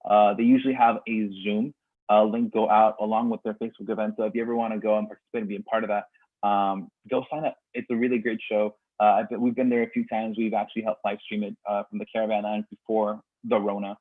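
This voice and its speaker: A man's voice: lowish voice, level tone, fast, dry recording. A man hosting a poetry slam livestream in a casual, rambling way full of fillers and tangents, his voice getting worn out. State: losing his voice. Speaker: slam host. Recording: dry tinny phone-like sound.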